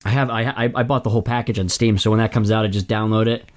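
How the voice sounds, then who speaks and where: A man's voice: lowish voice, fairly even intonation, fast. A man co-hosting a podcast, talking in an easygoing, agreeable, casual way. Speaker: podcast co-host. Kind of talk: casual chat.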